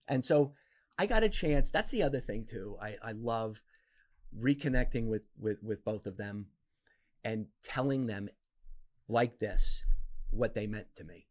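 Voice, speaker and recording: Guy in his 50s from jersey, chatty guest, voice jumps way up when he acts out what people said. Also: normal speed. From New Jersey. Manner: animated, acts out quoted voices with big pitch jumps. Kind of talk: casual storytelling interview.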